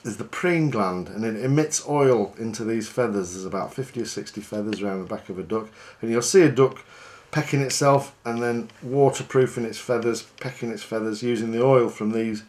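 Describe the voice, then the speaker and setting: A man, working as a fishing guide, talking through a fly tying demonstration in a chatty, relaxed, self-deprecating way. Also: fairly low pitch, normal speed, hardly any pauses.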